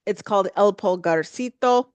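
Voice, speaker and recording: A woman's voice: medium pitch, moderate pace, clear, resonant tone, no room sound. A woman hosting a casual solo podcast, rambling with lots of fillers and restarts. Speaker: podcast host.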